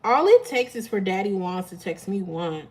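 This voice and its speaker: A woman's voice: medium pitch, big pitch swings, normal speed, low-quality recording. A woman hosting a live tarot stream, chatting casually with her viewers and laughing often.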